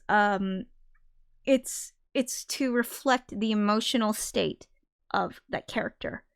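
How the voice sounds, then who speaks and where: A woman hosting a casual livestream, thinking aloud as she explains her songs and now and then singing a line to show what she means. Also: fairly high pitch. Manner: demonstrates by briefly singing lines. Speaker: livestream host and songwriter.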